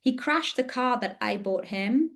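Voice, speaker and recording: A woman's voice: on the high side, expressive, measured pace, fairly bright tone. A woman in her thirties, a podcast host telling a personal story in a candid, confessional and emotionally open way.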